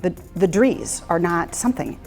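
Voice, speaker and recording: A woman's voice: lowish voice, expressive, moderate pace. A middle-aged woman telling her career stories in an interview, candid and reflective, often restarting her sentences. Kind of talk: interview storytelling. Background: soft music.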